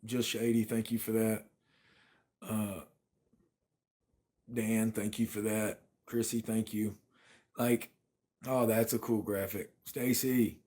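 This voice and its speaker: A man's voice: fairly low pitch, level tone, slow, long pauses, darkish tone. A man, chatting casually on a phone livestream from his apartment and thanking viewers by name. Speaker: livestream host.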